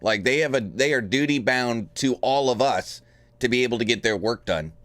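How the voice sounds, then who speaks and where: A man co-hosting a political talk podcast, thinking out loud in a casual way. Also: mid-range voice, moderate pace, dry recording. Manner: musing, thinks aloud. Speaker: podcast co-host.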